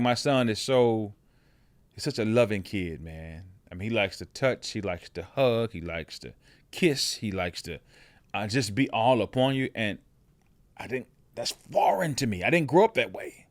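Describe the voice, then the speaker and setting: A man's voice: mid-range voice, fairly bright tone, no echo. A man with a heavy voice, hosting a reflective personal monologue and talking through his thoughts conversationally, often checking in with "right?" and restarting his words. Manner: frequent restarts and repeated words. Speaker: podcast host.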